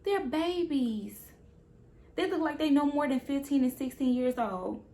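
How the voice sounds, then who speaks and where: Animated woman telling a storytime tale. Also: high-pitched, unhurried. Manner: animated, slangy, repeats phrases. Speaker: vlogger. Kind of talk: casual storytime.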